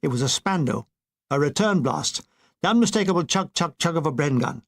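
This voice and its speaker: A man reads a comic war memoir with dry, deadpan timing. His voice sits a little high for a man. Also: brisk. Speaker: audiobook reader.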